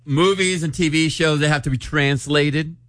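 A man's voice: on the high side, normal speed, dry recording, studio quality. A man hosting a morning radio show, leading segments and joking with his co-hosts. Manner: lively, leads the segments. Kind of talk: casual radio banter. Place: radio studio.

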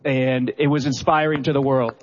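A man asking a heartfelt, halting question at a press conference. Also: medium pitch, fairly even intonation, slight background noise. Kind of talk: earnest question to a guest. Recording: dull recording in a reverberant hall.

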